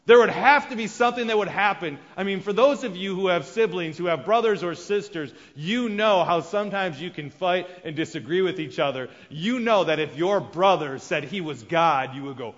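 Male preacher, fairly high voice, dramatic swings from loud to hushed, muffled recording in a reverberant hall. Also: lively intonation, normal speed, few pauses. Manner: acts out quoted characters with sudden loud and hushed voices. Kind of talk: sermon. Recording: dull sound with long reverb of a large hall.

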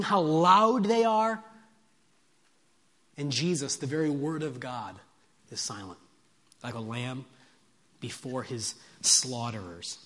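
A man preaching a sermon in a church, swinging between loud emphatic passages and hushed, quiet ones. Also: on the high side. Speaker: pastor. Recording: long hall reverb.

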